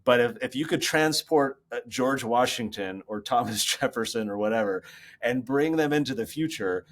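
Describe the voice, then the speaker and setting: A man speaking as a guest over a laptop video call from his office, explaining ideas in an animated, storytelling way. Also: mid-range voice, normal speed. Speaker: guest author. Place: home office.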